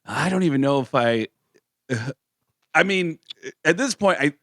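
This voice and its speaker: A man co-hosting a radio talk show, telling stories in a lively way and acting out the people he quotes. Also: on the high side, a little slow, dry recording, clean studio sound. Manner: animated storyteller acting out quotes in voices. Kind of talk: casual storytelling chat.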